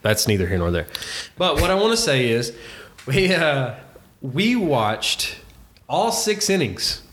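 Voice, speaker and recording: A middle-aged man co-hosting a podcast, telling stories in a casual, animated way and swearing freely. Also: medium pitch, unhurried. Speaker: podcast co-host. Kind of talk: casual chat.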